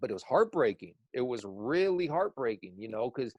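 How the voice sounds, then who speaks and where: A man's voice: medium pitch, big pitch swings, normal speed, darkish tone, no room sound. A man who works as an eyewitness sketch artist, talking in a casual podcast conversation and rambling with many restarts.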